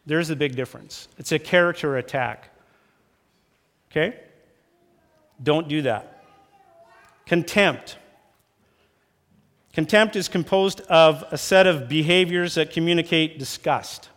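A man preaching a sermon as pastor, talking lively and acting out quarrels in raised voices. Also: fairly high pitch, slow pace, pauses often. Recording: long church hall reverb.

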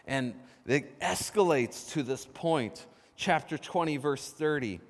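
Lively male preacher in a reverberant hall. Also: a little high, slow pace. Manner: lively storytelling, asks the congregation questions. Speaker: pastor. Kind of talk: sermon. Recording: long reverb of a large hall.

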